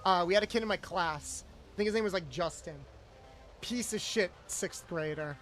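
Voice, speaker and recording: A young male streamer with a high, slightly bright voice chats casually at a moderate pace while gaming. He rambles through stories and acts out the people he quotes.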